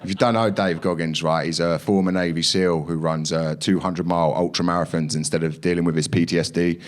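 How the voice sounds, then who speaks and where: Young comic on a club stage, brash and sweary, does loud voices for people in his stories. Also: deep voice, level tone, fairly quick, background noise. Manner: brash, swearing, acts out others in raised voices. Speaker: stand-up comedian. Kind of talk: stand-up comedy set.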